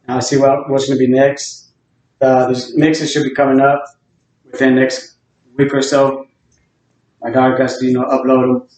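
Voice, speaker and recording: A man's voice: medium pitch, level tone, moderate pace, long pauses, darkish tone. A middle-aged man DJ talking in a rambling, plain-spoken casual monologue, full of fillers and restarts. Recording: roomy, distant, dull lo-fi sound.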